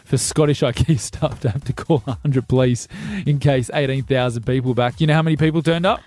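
A man co-hosts a breakfast radio show, running through stories in a chatty, easygoing way and laughing as he goes. His voice sits at a middle pitch, with music faint underneath. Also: fairly even intonation, brisk, darkish tone, dry recording. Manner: chatty storyteller, laughs often. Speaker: radio co-host. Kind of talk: casual breakfast radio banter.

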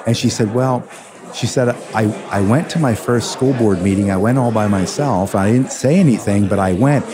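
Low-voiced emphatic man at a busy event. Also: moderate pace. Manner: animated, emphatic storyteller. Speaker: radio host and attorney, guest. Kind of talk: conversational storytelling interview. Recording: crowd chatter behind.

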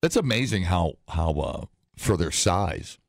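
A man's voice: low-pitched, big pitch swings, measured pace, vocal fry, no room sound, studio quality. A man hosting a morning radio show, bantering casually and joking in a laid-back way.

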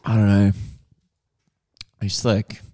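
Mellow man with dry teasing remarks. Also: on the low side, completely flat delivery, slow, no echo. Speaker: podcast co-host. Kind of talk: casual chat.

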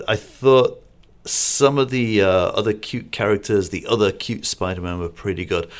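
A man co-hosting a film review podcast, chatting casually and rambling a little with restarts and asides. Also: low voice. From Singapore-based. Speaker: film critic podcast co-host.

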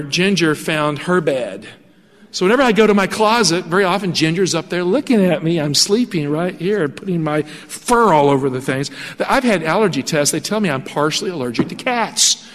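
A male pastor telling a story in a sermon, animated and acting out the voices of the people in it. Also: on the high side. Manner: animated storytelling with acted-out quotes. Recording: long hall reverb.

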